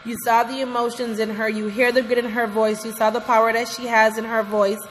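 A woman's voice: on the high side, flat delivery, fairly quick, a little hiss or hum. Gushing woman vlogger, reverberant room. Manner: gushing, effusive, keeps addressing viewers as guys. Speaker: reaction vlogger. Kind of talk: music reaction commentary. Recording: reverberant room with faint music. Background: faint music from the reacted video.

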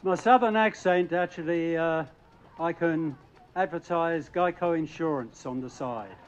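A man's voice: on the high side, measured pace, muffled recording, a little hiss or hum. A man from England with an English accent, a trolley motorman making a brief joke outdoors.

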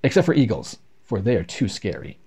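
A man reads nature poems aloud with rhythmic, expressive delivery. His mellow, dark tone rises and falls in lively swings. The pace follows the beat of the verse. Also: fairly low pitch, brisk, husky. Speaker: reader. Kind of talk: poetry read aloud.

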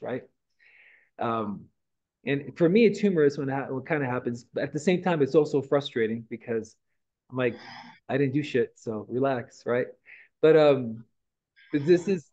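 Guy giving a pep talk at a morning team meeting, laid back, lots of "right?" and "okay?", warm low-key tone, kinda muffled sound. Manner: casual, rambling, with mild swearing and frequent "right?" and "okay?". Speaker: real estate team leader.

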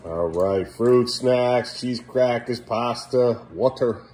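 A tired father chatting casually with his young kids in the kitchen of the family home, weary and exasperated, sometimes raising his voice and often trailing off low and mumbly. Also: slow, background noise. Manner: raises his voice at a defiant child.

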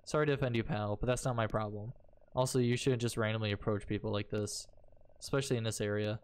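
A man's voice: on the low side, fairly even intonation, fast, smooth, lightly acted. A man reading the lines of a rude, tired late-shift worker from a horror game in a plain voice.

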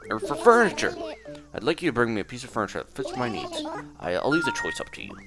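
A man's voice: medium pitch, huge pitch swings, quick pace, voice pushed up. A man voicing a nerdy stammering hamster. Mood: eager. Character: nerdy male hamster villager, dance-obsessed. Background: game music.

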